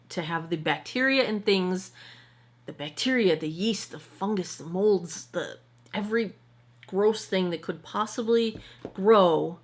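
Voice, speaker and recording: Filming indoors at home in front of a monitor, a skincare vlogger and product maker in her forties offers a chatty, casual review. Her pitch is fairly low, and she rambles, frequently correcting herself partway through sentences.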